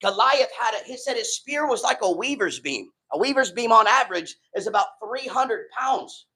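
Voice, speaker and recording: Man, pastor, casual slangy sermon, higher voice, acts out quotes. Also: lively intonation, moderate pace, pushed and bright, husky, poor audio.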